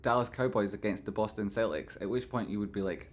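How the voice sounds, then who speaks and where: A man hosts a live stream in casual chat, reading out viewers' names, thanking them, and breaking into playful sung phrases. His voice is on the low side, and he talks fast.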